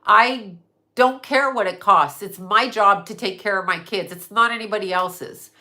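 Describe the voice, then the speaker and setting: A woman's voice: medium pitch, moderate pace, sharp tone. Blunt, profane woman live-streaming. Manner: blunt, profane, laughs often, jumps between topics. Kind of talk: casual live stream chat.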